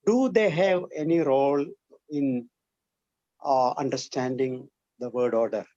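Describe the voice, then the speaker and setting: A man asking a question in an academic webinar, halting and filling pauses, over a video call. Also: medium pitch, warm tone, no echo. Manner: halting, with frequent fillers. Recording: muffled lo-fi webinar audio.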